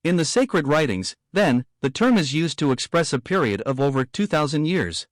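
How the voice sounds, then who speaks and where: A man reading a theological book aloud in a steady, measured, formal way. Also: on the high side, no echo, clean studio sound. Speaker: audiobook reader.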